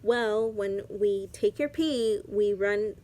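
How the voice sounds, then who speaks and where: A young woman voicing a calm female doctor in a matter-of-fact way while retelling a story. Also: medium pitch, slow pace, lightly acted.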